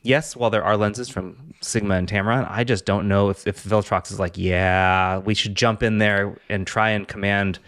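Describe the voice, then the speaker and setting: Low-voiced guy hosting a podcast, reads comments out, blunt and matter-of-fact, dry sound. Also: fairly even intonation, normal speed, few pauses, a bit bright, no echo. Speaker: podcast host reading listener comments. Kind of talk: casual podcast chat.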